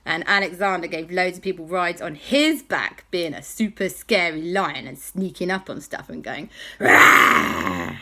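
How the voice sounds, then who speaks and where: A woman telling an animated, playful bedtime story. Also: lowish voice, normal speed, hardly any pauses, a little hiss or hum.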